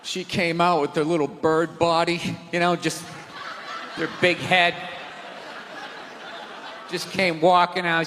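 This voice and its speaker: A man doing a live stand-up set, ranting loudly with lots of profanity in a large theater. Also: a little high, flat delivery, slow, long pauses, a little hiss or hum. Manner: loud ranting delivery with profanity. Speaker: stand-up comedian. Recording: live theater recording with long reverb and faint crowd.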